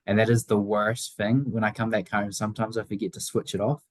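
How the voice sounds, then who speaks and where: A teenage guy with a Southland New Zealand accent talks casually in an interview, circling his points with plenty of fillers and restarts. His voice sits a bit low, and the sound is dry and close with no room around it. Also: little pitch movement, a little fast, dry recording, poor audio. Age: teens. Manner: rambling, many fillers and restarts. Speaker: guest, young motorcycle racer.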